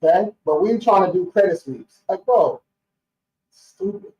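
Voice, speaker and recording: Young guy ranting on a live stream, fired up, cussing, slangy, highish voice, kinda far off and echoey. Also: wildly swooping pitch, a little slow, dark tone. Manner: blunt, fired-up, slangy, swears freely. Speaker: credit repair business owner hosting a live stream. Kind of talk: casual live-stream talk. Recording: roomy, distant, dull lo-fi stream audio.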